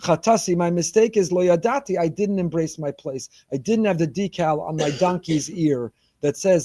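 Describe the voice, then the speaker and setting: A man, a rabbi, giving an animated sermon, weaving Hebrew phrases into his talk. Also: high voice, moderate pace, hardly any pauses, dry recording.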